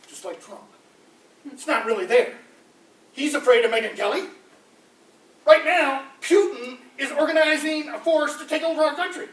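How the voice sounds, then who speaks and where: A man doing rambling, animated political stand-up comedy before a live audience in a campus room, often slipping into mocking voices. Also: sits high. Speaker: street comedian. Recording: echoey room, voice from far off.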